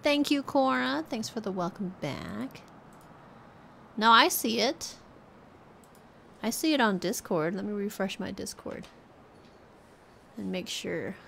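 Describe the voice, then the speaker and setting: Woman streamer, relaxed and chatty, lively melodic voice, slow delivery. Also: medium pitch, gravelly, slight background noise. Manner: coos at her cat, chatty and relaxed. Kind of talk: casual live-stream chat.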